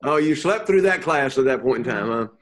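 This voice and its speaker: A man teaching a Bible class to students, pausing often, repeating words and checking in with "okay?". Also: mid-range voice, expressive. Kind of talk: classroom lecture with questions to students.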